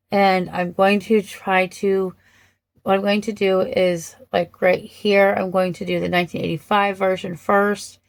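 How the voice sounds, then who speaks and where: In a medium-pitched, gravelly voice, a vlogger slowly talks through how different film versions compare in casual commentary. She's thoughtful and hesitant, pausing often with ums and restarts, and the recording is dry with no echo.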